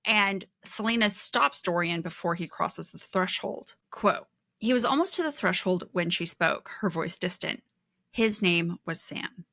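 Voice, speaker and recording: A woman co-hosting a book podcast, explaining themes in a measured way and reading quotes aloud. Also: on the low side, pushed and bright, no room sound, clean studio sound. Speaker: podcast co-host. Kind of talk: casual book discussion.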